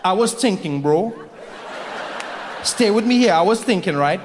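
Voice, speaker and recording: A man voicing a laid-back guy lounging on a Caribbean beach, playful and drawling as he pitches a wild plan. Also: animated, unhurried, some chatter behind, a little hiss or hum. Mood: scheming. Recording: live hall with audience.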